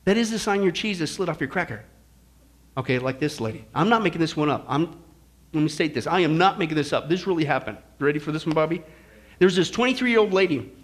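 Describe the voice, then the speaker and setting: A man's voice: fairly high pitch, animated, fast. A male pastor preaching a sermon in a church, folksy and joking, with shifting emphasis.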